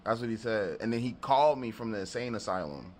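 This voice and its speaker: A man's voice: medium pitch, fast, a little hiss or hum. A man telling a story in a casual vlog, laughing often and acting out people's lines, with plenty of profanity. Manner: animated, laughing, profane storytelling with acted-out quotes. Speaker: beatmaker and studio vlogger.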